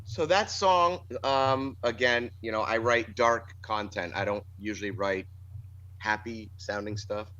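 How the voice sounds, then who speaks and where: A man's voice: lowish voice, a little slow, bright, forceful tone. Guy who sings in a band, rambling thoughtfully about songs, kinda dull lo-fi audio. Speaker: band singer. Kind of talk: casual interview talk. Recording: dull lo-fi sound.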